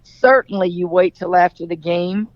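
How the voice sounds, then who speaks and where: A woman's voice: fairly low pitch, steady tone, normal speed, no echo, dull audio. A middle-aged woman from Louisiana, a basketball coach answering interview questions in a forthright, storytelling manner.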